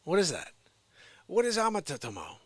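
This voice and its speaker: A man doing a confused waiter, pitched up and incredulous, dry room. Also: huge pitch swings, moderate pace, husky, no echo, exaggerated voice. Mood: baffled. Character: baffled male waiter, politely confused.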